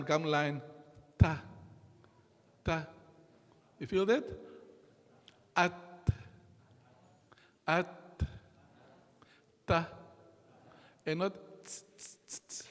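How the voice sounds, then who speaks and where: A man teaching a class in a mosque, slow and patient, repeating each sound for his students to copy. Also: high-pitched, fairly bright tone. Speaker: Qur'an recitation teacher. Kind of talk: classroom lesson. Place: mosque hall. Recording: long hall reverb.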